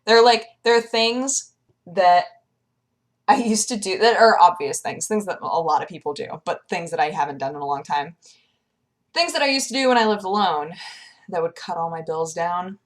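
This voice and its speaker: A young woman chatting casually in a vlog, lively and animated, acting out the people she quotes in a higher voice. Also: moderate pace. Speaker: vlogger.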